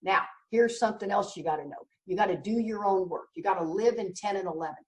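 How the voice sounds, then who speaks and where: This fast-talking middle-aged woman, medium in pitch, shares her recovery story bluntly and emphatically, dropping wry jokes along the way. She's far from the mic, and the room echoes.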